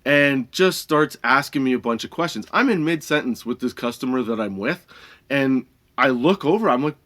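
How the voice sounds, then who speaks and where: A man's voice: medium pitch, expressive, normal speed, a bit bright. A male podcast host telling a comic story, swearing freely and laughing between lines.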